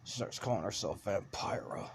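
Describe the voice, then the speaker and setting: A man telling a made-up first-person horror story in a hushed, whispery way. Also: fairly low pitch, normal speed, slight background noise.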